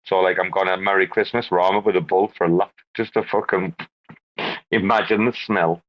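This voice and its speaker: A man's voice: sits low, steady tone, moderate pace, highs cut off. A man, chatting casually outdoors at night, swearing a lot and rambling with slangy restarts. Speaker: regular on a live crypto audio show. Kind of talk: casual chat.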